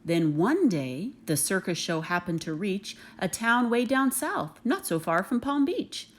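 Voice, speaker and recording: A woman reading a rhyming children's picture book aloud, expressive and rhythmic. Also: medium pitch, a little slow. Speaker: reader.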